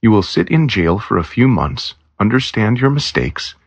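Story reading: man as a calm, teasing young cop, low and gravelly. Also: normal speed, no echo, exaggerated voice.

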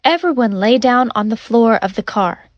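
A woman narrating a story in a measured, even audiobook reading. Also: on the high side, no echo, dull audio. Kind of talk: slow, clear audiobook narration.

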